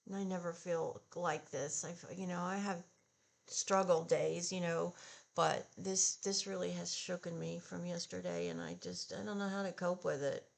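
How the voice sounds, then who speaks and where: A woman in her sixties chatting slowly and haltingly while she does her makeup, sounding upset and discouraged. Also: on the low side, fairly even intonation, vocal fry. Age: 60s. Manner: slow, subdued and halting, with sighs. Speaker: beauty vlogger. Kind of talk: casual get-ready-with-me chat.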